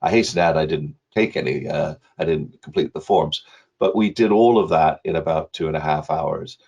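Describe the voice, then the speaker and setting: A man presenting slides in an online webinar, speaking in a measured way with many filler hesitations. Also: rumbling low, gravelly, a little mellow, slightly rough, dull audio.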